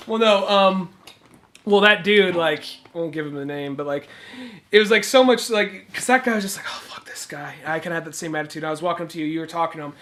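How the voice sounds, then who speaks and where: A man's voice: fairly high pitch, fast, a bit bright. A young man co-hosting a podcast, telling stories in a rambling way with many fillers and restarts. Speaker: podcast co-host. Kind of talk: casual chat.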